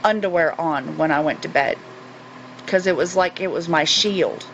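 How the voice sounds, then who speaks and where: A woman in her forties from North Carolina, a guest recounting a personal experience in an earnest, halting way with many fillers. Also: on the low side. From North Carolina, USA. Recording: muffled recording with faint hiss.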